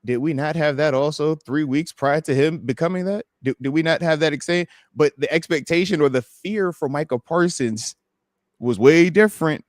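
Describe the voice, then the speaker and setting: A man's voice: on the high side, moderate pace, no room sound, studio quality. A man, a former pro football player, talking football with passion on a live podcast and acting out voices of players and fans. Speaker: former NFL player and guest analyst.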